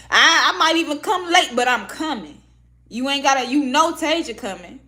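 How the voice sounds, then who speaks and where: Fairly high-pitched, her voice sounds pushed and bright. She's a woman vlogging to her viewers in a candid, casual chat, profanity-laden and blunt, pouring out heartfelt emotion about herself.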